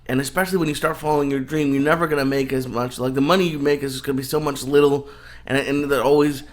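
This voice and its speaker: A man co-hosting a podcast who talks quickly in a casual chat. His voice sits at an average pitch, and he reflects on things in an easygoing, thoughtful way. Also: level tone.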